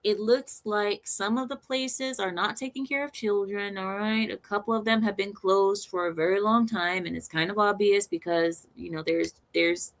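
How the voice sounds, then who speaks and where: A woman delivering an opinionated, sarcastic commentary monologue, animated and often breaking into laughter. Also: medium pitch, normal speed, hardly any pauses. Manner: sarcastic, mocking. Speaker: vlogger.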